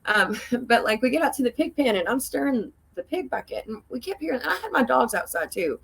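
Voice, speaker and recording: A woman's voice: a little fast, creaky, husky, low-quality recording. A woman, a podcast guest telling a story casually, laughing often and acting out what people said in a raised voice. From Tennessee. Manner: animated, laughs often, acts out quoted voices in a higher pitch.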